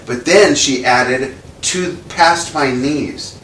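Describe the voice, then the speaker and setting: A drummer being interviewed tells a casual anecdote, animatedly acting out the quoted dialogue with lively voice shifts. His voice is mid-range and slow. Recorded in an indoor room with a window, the mic sits at a distance, picking up roomy echo and faint background noise.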